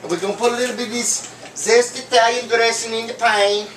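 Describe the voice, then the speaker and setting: A man's voice: extremely high pitch, flat delivery, quick pace, fairly bright tone, slight background noise. A man hosting a homemade cooking show, rambling and joking as he cooks, with lots of fillers and offhand asides. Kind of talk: casual comedic cooking demo. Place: home kitchen. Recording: echoey kitchen, far from mic, clattering pans. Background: clinking dishes, pots and cutlery.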